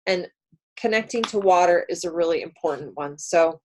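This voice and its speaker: A woman co-hosting a casual spiritual chat show, giving gentle, earnest advice. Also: lowish voice, normal speed, a little hiss or hum, low-quality recording. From San Francisco area. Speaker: co-host, card reader.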